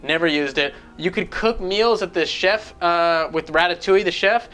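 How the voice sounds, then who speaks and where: A man's voice: high-pitched, normal speed, pushed and bright, clean tone, faint music behind. Male game reviewer, casual and profane, rambling delivery. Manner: rambling, profane, jumps between points.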